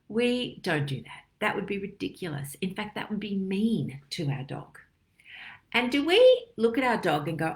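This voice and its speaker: A middle-aged woman doctor giving a lively, chatty health talk full of analogies. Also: mid-range voice, normal speed. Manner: lively, chatty, acts out little dialogues and analogies. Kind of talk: casual health talk to camera.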